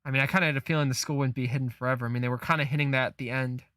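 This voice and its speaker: A man reading a comic aloud on a live stream, reacting with disbelief and frequent swearing as he thinks out loud. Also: medium pitch, fairly even intonation, rapid-fire, no room sound, clean studio sound.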